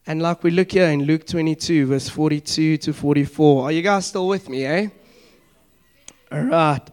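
A man's voice: a little high, normal speed. A young man preaching a sermon in a casual, conversational way, acting out little dialogues and asking the listeners direct questions. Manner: conversational, animated preaching with asides and acted-out dialogue.

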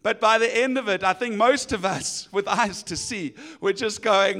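High-voiced animated preacher man. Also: moderate pace, hardly any pauses. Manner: animated, acts out voices of people in the story. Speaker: pastor. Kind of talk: sermon.

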